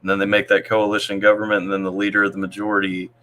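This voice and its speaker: Stream host, male, from Tennessee, bright, low-ish voice, laid-back. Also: monotone, very fast, a little hiss or hum. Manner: reads viewer comments aloud, laid-back. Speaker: livestream host. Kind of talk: casual live stream chat.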